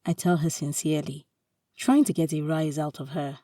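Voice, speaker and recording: A woman narrating a romantic short story in a calm, measured way. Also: low-pitched, no room sound, studio quality, recorded from a distance.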